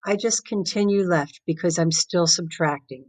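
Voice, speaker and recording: A woman math teacher explaining a lesson step by step, patiently counting out loud and using playful everyday examples. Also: fairly low pitch, moderate pace, poor audio.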